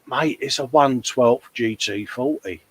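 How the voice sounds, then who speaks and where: A man's voice: medium pitch, unhurried, slight background noise, poor audio. A man co-hosting a hobby livestream, casually chatting and reading out viewer comments, calling everyone mate. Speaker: livestream co-host.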